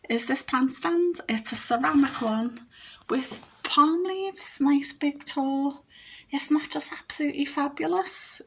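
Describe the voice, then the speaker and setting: A woman's voice: a little high, fairly bright tone, slight background noise. A woman chatting casually in her home kitchen, showing thrift bargains in an upbeat, rambling way. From Britain. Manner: chatty and upbeat, with many fillers. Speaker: frugal living vlogger. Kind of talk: casual thrift haul chat.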